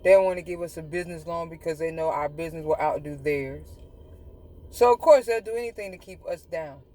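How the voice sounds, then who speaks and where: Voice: medium pitch, a little mellow. Profane, ranting livestream host. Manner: profane, mocking, exasperated ranting; drawn-out, emphatic repetition. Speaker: livestream host giving health advice. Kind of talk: casual ranting livestream talk. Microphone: phone mic on a social media live stream.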